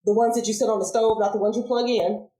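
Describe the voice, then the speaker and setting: A woman in her forties, a podcast guest, telling childhood stories in a casual interview, animated, laughing and acting out voices. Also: fairly high pitch, fast. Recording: roomy echo.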